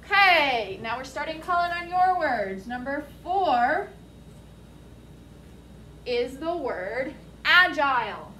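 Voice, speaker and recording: A woman teacher leading a vocabulary lesson for a class, speaking slowly and deliberately and spelling words out letter by letter. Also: high voice, very animated, sharp tone, a little hiss or hum. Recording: echoey classroom, mic at a distance.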